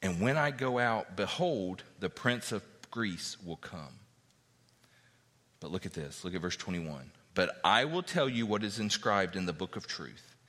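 Animated preacher man in a reverberant hall. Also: low-pitched, unhurried. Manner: animated, acts out biblical characters' speech. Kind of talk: sermon teaching from scripture.

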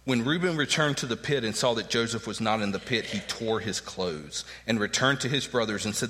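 A man's voice: on the low side, brisk, few pauses, bright, forceful tone, in a large hall. A man preaching a sermon, emphatic and earnest, acting out the words of the people in his text. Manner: emphatic preaching, acts out quoted lines. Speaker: pastor.

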